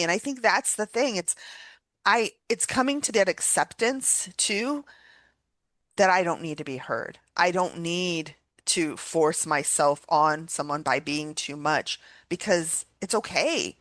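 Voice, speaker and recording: A woman's voice: fairly low pitch, unhurried, fairly bright tone, no echo. A woman hosting a podcast, talking in an earnest, reflective way, with frequent restarts and repeated words. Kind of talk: casual reflective chat.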